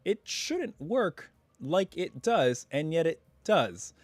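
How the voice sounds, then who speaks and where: A man with a voice on the high side hosts a relaxed live stream from home, rambling and drifting into asides. He speaks slowly with big pitch swings, his voice still a bit hoarse as it recovers, and there's no room sound.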